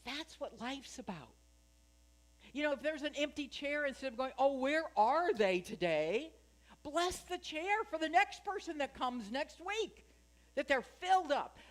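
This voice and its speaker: A woman's voice: sits high, animated, normal speed. A woman minister giving a sermon at a spiritual center, chatty and joking, asking her congregation questions.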